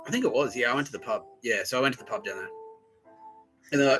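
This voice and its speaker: A man rambles through a long, profane monologue with a very bright, sharp tone. He keeps laughing at his own stories. Faint music sits behind his voice. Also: medium pitch, fairly quick, long pauses, poor audio. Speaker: podcast host.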